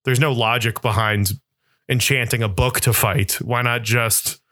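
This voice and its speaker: A man co-hosting a podcast in casual chat, rambling and animated, full of restarts and "like". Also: medium pitch, unhurried, no echo, studio quality. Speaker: podcast co-host.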